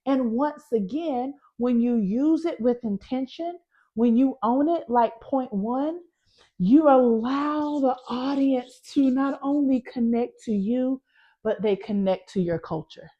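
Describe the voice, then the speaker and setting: Southern lady in her thirties coaching public speaking, kinda high voice, punchy and folksy, keeps repeating stuff, muffled lo-fi sound. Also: slow. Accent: Southern American. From Southern United States. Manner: emphatic, folksy, repeats key phrases. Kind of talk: energetic teaching to camera. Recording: muffled, lo-fi recording.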